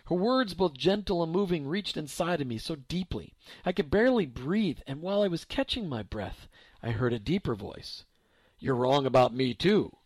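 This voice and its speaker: Guy reading a christmas-style story aloud, reflective, lively ups and downs, slightly high voice, dry close sound. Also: normal speed, slightly rough, no echo. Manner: reflective, expressive.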